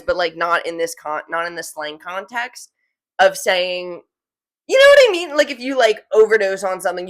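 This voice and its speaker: A woman's voice: medium pitch, fairly bright tone. A young woman from New Jersey with a New Jersey accent, chatting casually to her viewers in a rambling, self-correcting way full of "like". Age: young adult. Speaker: vlogger. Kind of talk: casual chat to camera.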